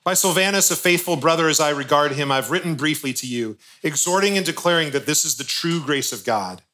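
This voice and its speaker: A man preaching to his congregation in an earnest, conversational way, slipping in light jokes. His voice sits a little high and sounds bright and forceful. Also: brisk. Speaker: pastor. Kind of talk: sermon.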